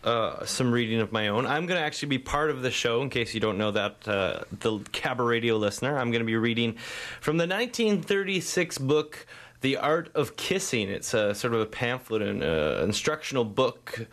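A man's voice: mid-range voice, normal speed, a bit bright. A man hosting a casual radio show, playful and a little hesitant. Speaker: radio host.

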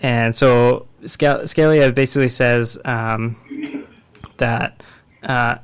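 A man in casual discussion, explaining a court case in a measured way with frequent fillers. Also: mid-range voice, fairly even intonation, smooth, no echo.

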